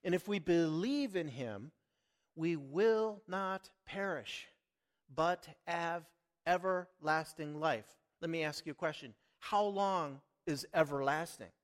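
A man's voice: on the high side, takes it slowly. A middle-aged man preaching a sermon, earnest and emphatic, with sudden swells and drops in volume. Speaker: lay preacher.

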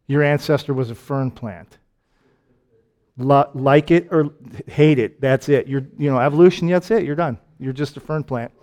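A man with a Michigan accent preaching a conversational sermon, firing off rhetorical questions and jokes and swinging between loud and quiet. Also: medium pitch, moderate pace. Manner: asks lots of rhetorical questions.

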